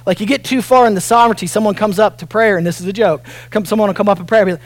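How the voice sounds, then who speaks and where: A middle-aged pastor delivers a sermon with a high, clear voice, close and dry on the mic. He talks earnestly, sinking soft and near tears, then surging to loud, emphatic peaks. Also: rapid-fire, no room sound. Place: church auditorium.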